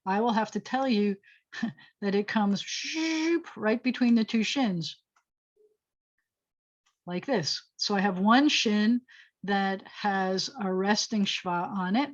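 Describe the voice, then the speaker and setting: Woman rabbi at mid pitch, teaching Hebrew over a muffled video call, chatty and self-correcting as she writes. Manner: thinks aloud while writing, self-correcting, chatty asides. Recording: slightly dull video call audio.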